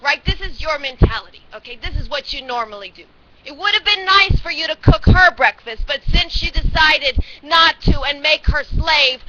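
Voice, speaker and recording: A woman with a very high, bright and forceful voice delivers a profane, scolding rant, slow and deliberate in her pacing. She breaks into shouts now and then. The sound is dull lo-fi webcam audio with a faint hiss and clicks behind it. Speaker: webcam ranter. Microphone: built-in webcam mic.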